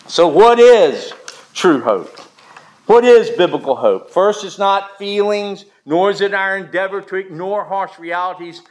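A man's voice: high-pitched, expressive, unhurried, echoey room, rough recording. A man preaching a sermon, telling folksy stories with jokes. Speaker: pastor.

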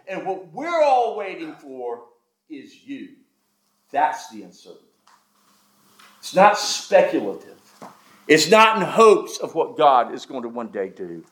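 A man with a fairly high voice preaches a sermon. He is emphatic and keeps asking his listeners rhetorical questions, dropping to a hush and then rising loud again. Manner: emphatic, with rhetorical questions and sudden swings between loud and hushed.

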